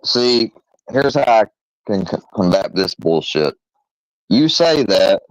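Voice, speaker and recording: A man hosting his own channel, rambling defensively with many fillers and pauses as he rants casually. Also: on the low side, very animated, dry recording. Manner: rambling, halting, full of fillers; defensive, irritated. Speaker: channel host. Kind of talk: rambling casual vlog rant. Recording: dull lo-fi close recording.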